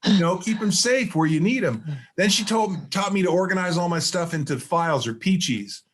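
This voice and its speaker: A middle-aged man talks as a guest on a podcast, in a voice a little higher than most men's. He is a motivational speaker who tells stories with energy and acts out the lines of the people in them. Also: moderate pace. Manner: animated storyteller who acts out dialogue. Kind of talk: storytelling interview chat.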